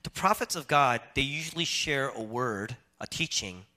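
Man, pastor, sermon, bright tone, dynamic delivery, loud and hushed by turns. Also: medium pitch, expressive, normal speed. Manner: dynamic preaching, swings from loud emphatic to hushed.

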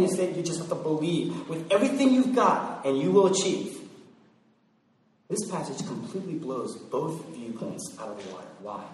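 Preacher in an echoing hall. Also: male voice, sits high. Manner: animated storytelling with acted-out voices. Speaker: pastor. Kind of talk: sermon. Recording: echoey hall from far off.

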